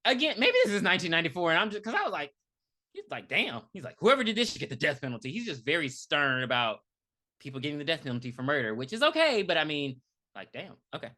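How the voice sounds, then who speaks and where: Woman podcaster rambling thru a movie plot, lotsa um and like, bright lively voice. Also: sits low, quick pace. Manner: animated retelling with lots of fillers and laughs. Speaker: podcast co-host. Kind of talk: casual movie review chat.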